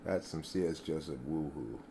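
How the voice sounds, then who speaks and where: A man's voice: very deep voice, gravelly, background noise. A man hosting his own channel, talking in a rambling solo vlog with meandering asides to himself. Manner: slow, meandering talk with self-directed asides. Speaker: channel host.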